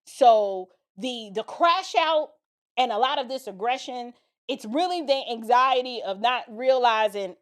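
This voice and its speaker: A middle-aged woman reacting to a clip with blunt, emphatic commentary. Her voice sits high, and her speech is loose and colloquial. She talks straight to her viewers. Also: animated, a little slow. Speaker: political and cultural commentator.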